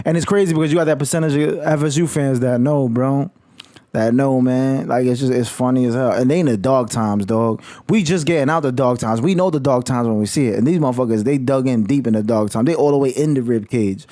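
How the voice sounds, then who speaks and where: A man's voice: medium pitch, a little fast, mellow, no echo, studio quality. A man vlogging about college football in a heated, slangy rant full of swearing. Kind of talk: casual profane rant.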